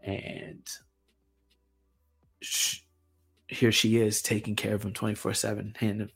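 A young man hosting his own show, talking through personal reflections in a halting way with lots of fillers and repeated words. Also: fairly low pitch, completely flat delivery, gravelly, fairly bright tone, slightly rough, soft background music. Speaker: podcast host. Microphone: camera mic.

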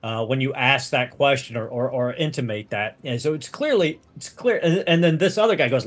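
A man narrating a tabletop game as game master in a casual, halting way. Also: medium pitch, expressive, a bit bright. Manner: casual, halting, many restarts.

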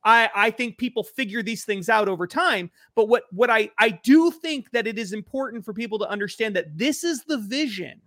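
A man's voice: sits high, expressive, a little fast, few pauses, fairly bright tone, no echo, clean studio sound. A man co-hosting a casual political talk show, earnest and thinking aloud as he goes. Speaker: podcast co-host.

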